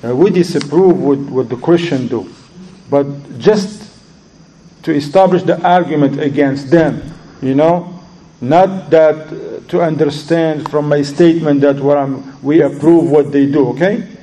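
A man's voice: on the high side, measured pace, dark tone, a little hiss or hum, poor audio. A man teaching a religious lesson, telling stories and asking his audience questions, often repeating words as he searches for them. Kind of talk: lecture with storytelling.

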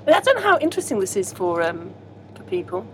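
A woman's voice: medium pitch, big pitch swings, fast. A woman comedian chatting casually as co-host, giggling and chipping in, recorded on a moving train at night. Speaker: podcast co-host and stand-up comedian. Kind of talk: casual chat. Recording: background train noise.

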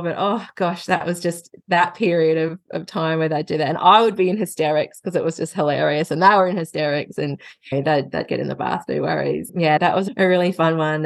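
Gravelly-voiced woman telling stories. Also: lowish voice, brisk, dry recording. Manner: lively storytelling, laughing often. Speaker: guest, parenting educator. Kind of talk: casual podcast conversation.

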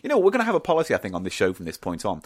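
A man's voice: lowish voice, wildly swooping pitch, racing, no echo. A middle-aged man co-hosting a podcast in casual banter, sweary and jokey, sometimes slipping into silly voices. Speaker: podcast co-host.

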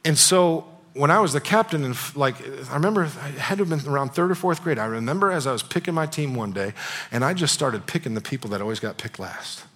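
A man pastor preaching in a church, telling a personal story in a casual, animated way, repeating phrases and checking in with "you know what I'm saying". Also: a little high, fast.

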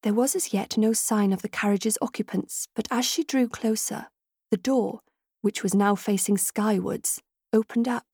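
A woman narrating an audiobook in a measured, expressive storytelling manner. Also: medium pitch, breathy edge, dry recording. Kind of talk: scripted narration. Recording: dry close studio sound.

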